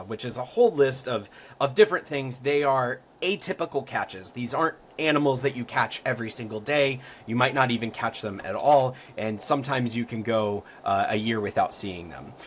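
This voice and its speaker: A man's voice: medium pitch, a little hiss or hum. Young adult man from Florida, a guest spinning casual, filler-heavy stories in an easy mid-range voice. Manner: rambling, full of ums and likes, livelier at the exciting parts. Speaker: podcast guest. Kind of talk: casual storytelling.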